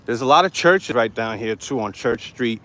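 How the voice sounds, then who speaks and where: Hot and sweaty, a street vlogger streams live on his handheld phone as he walks through the city, talking to the camera with brash, profane defiance. His mid-range voice is fairly bright, with lively intonation at normal speed, and faint traffic noise fills the background.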